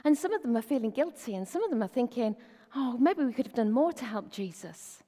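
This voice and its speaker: A woman preaching a sermon in an easy, conversational way, with rhetorical questions tossed to the congregation. Her voice sits fairly high but sounds mellow and soft-edged. It rings out with a long reverb, as if in a large hall. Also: big pitch swings, fairly quick.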